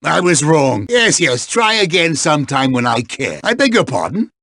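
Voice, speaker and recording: An actor voicing a stern, sarcastic member of a boarding school staff in a video game, scolding with cutting put-downs. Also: male voice, a little high, very animated, normal speed, pushed and bright, no echo, clean studio sound, full character voice. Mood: scornful. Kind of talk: game voice acting.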